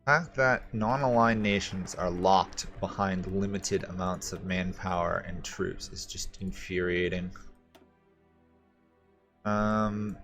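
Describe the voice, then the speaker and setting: A man streaming a strategy game, thinking aloud in a relaxed, rambling way and answering chat questions. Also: sits low, takes it slowly, faint music behind. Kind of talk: casual gameplay commentary.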